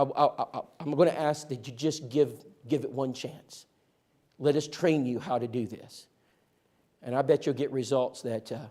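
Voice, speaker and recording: A man training a church group in outreach, telling stories in a lively, joking way and speaking to listeners directly. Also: medium pitch. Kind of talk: animated storytelling talk to a church group.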